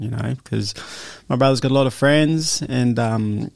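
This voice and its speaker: A man's voice: medium pitch, moderate pace, vocal fry, dry recording. An Australian man in his thirties, a guest boxer talking openly and emotionally in a casual interview, laughing often. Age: 30s.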